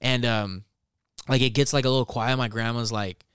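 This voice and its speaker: Podcast co-host, male, smooth clear voice, swears freely, dry close mic. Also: mid-range voice, normal speed, dry recording. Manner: swears a lot, animated when telling a story. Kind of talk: casual chat, storytelling.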